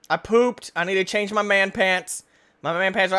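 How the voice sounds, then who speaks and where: A man giving excitable, goofy let's-play game commentary, often yelling and shrieking. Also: sits high, moderate pace. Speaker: gaming YouTuber.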